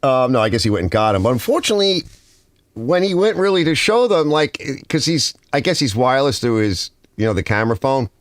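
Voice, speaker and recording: A man's voice: mid-range voice, very animated, fairly quick, no room sound. A man with a Northern US accent hosting a casual garage livestream, rambling and reading viewer comments aloud.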